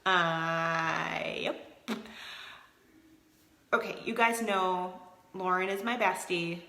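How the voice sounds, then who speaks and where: Woman, motivational team leader, live video chat. Bright, peppy tone, noticeable room echo. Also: fairly low pitch, drawn-out words. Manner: energetic, motivational, talks to viewers by name. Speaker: team leader of a direct sales group.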